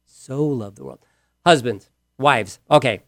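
A man preaching a sermon with emphasis, repeating key words and moving between loud and hushed delivery. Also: medium pitch, slow, dry recording, studio quality. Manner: asks the listeners direct questions.

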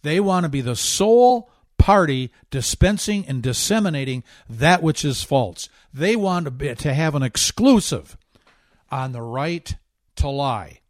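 A man's voice: on the high side, lively intonation, measured pace, dry recording, clean studio sound. A man hosting a talk radio show, delivering a fervent, emphatic political monologue with a preachy edge, a bit out of breath.

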